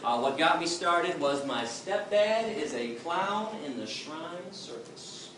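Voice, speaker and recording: A man's voice: on the high side, expressive, takes it slowly. Man preaching in an echoey hall. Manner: emphatic, preachy storytelling. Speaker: activist speaker. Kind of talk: impassioned public talk. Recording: distant echoey room with noise.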